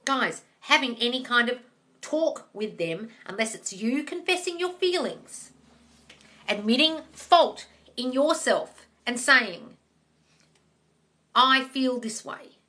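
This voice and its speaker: A woman's voice: a little high, pushed and bright. A woman hosting a live manifesting Q&A, blunt and sweary, calling her listeners darling and guys. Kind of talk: blunt casual live-stream advice. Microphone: phone or webcam on a live stream.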